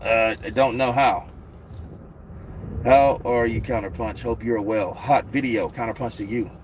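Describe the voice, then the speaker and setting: Male host, casual livestream chat, swears and jokes, mid-pitched, faint background noise. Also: steady tone, a little slow. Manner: profane, joking, laid-back.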